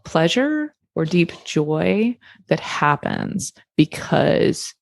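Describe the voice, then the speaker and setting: A woman co-hosting a relationship podcast, calmly explaining connection from a biology angle in casual chat. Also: on the low side, extremely slow, creaky, dry recording, clean studio sound. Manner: explains science plainly, calls herself the biology lady. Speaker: podcast co-host.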